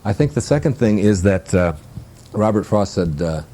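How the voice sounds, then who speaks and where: A man's voice: lowish voice, animated, normal speed, mellow. A man with a Detroit accent, musing through a reflective interview and laughing at his own jokes. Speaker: self-help speaker.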